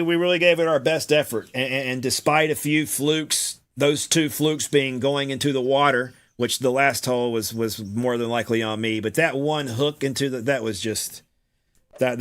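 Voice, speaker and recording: A man's voice: medium pitch, fairly bright tone. Exasperated man commenting on his game. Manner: exasperated, groaning, repeats himself, swears. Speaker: gaming streamer. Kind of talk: casual gameplay commentary.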